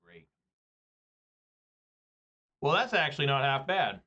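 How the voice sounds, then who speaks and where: A man's voice: medium pitch, big pitch swings, slow pace, sharp tone, highs cut off. A man, rambling and joking through casual gameplay commentary. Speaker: gaming video creator.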